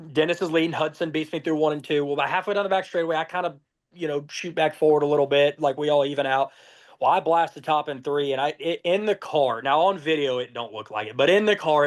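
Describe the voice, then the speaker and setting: A young man from Georgia, telling profane, lively race stories as a podcast guest. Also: a little high. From Georgia, USA. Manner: profane, lively anecdotes with acted-out dialogue. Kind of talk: casual storytelling.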